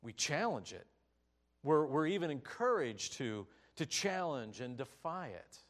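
A male pastor delivering a sermon in a slow, deliberate cadence. His pitch sits a little high and swings widely as he builds emphasis. The storytelling is animated and full of rises and drops.

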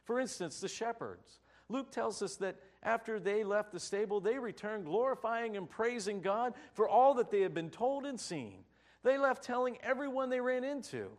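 A man preaching a sermon, telling the story with expressive delivery and rhetorical questions. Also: high voice, moderate pace.

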